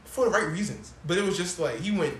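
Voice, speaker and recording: Man, casual podcast co-host, rapid-fire slangy talk, slightly high voice, roomy echo. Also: expressive, slight background noise. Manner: fast, slangy, swears freely. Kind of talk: casual chat about TV shows.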